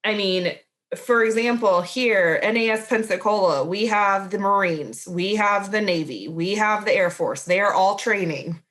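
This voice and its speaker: A woman's voice: mid-range voice, measured pace, fairly bright tone. A woman co-hosting a podcast in casual chat, talking in a chatty way with lots of "like" and restarts. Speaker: podcast co-host.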